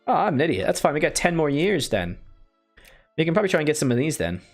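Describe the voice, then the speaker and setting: A man doing a let's play of a strategy game mumbles his moves aloud in casual, self-deprecating commentary. His fairly high voice swings widely in pitch, he talks fast, and faint music sits under the voice.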